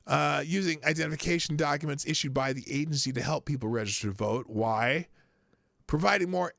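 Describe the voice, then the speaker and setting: A man with a bright, gravelly voice hosts a live news stream, reading articles aloud and then cutting in with crude, irreverent rants. He leans into loud outbursts and blunt, profane asides. The sound is dry and close, with no room around it. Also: on the high side, no room sound. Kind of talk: casual news commentary.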